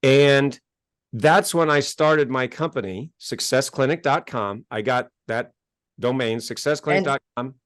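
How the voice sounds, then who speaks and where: Animated man telling his story, dry sound. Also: medium pitch, unhurried, no echo. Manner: animated, gets worked up and acts out exchanges. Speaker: interview guest, self-help author. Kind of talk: casual interview storytelling.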